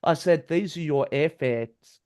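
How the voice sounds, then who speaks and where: A man's voice: a little high, measured pace, darkish tone, clear, resonant tone. A man, a podcast co-host telling a story in casual chat, acting out the quotes and swearing freely.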